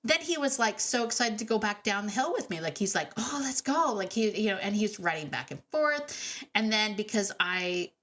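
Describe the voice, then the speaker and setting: A woman hosting a dog training podcast, telling stories in a chatty, animated way with laughs and fillers. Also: mid-range voice, moderate pace. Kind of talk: casual podcast monologue.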